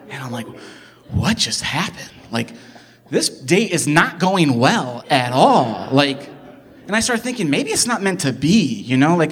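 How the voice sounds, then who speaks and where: A young man from the Midwest telling a personal story in an animated, excitable way, jumping from loud bursts to hushed asides and filling it with "like". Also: medium pitch. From American Midwest. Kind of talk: personal story told live.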